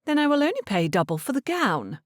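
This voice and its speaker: A woman's voice: high-pitched, big pitch swings, brisk, no room sound, clean studio sound, voice pushed up. A woman narrator voicing a stern, controlling middle-aged mother in an audiobook, speaking in an imperious, clipped manner. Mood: anxious, insistent.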